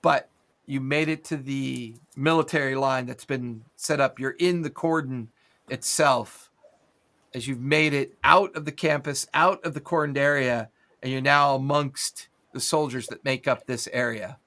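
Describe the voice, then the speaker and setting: Bright-voiced male game master. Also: mid-range voice, fairly even intonation, measured pace. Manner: descriptive, cinematic narration with casual fillers. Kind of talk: narrating a tabletop game.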